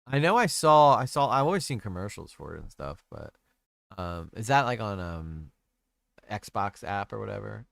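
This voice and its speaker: A man's voice: lowish voice, sing-song, normal speed, creaky, a bit bright, dry recording, clean studio sound. A young man hosting a casual stream chat, talking crudely and rambling, often trailing off mid-sentence. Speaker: streamer host.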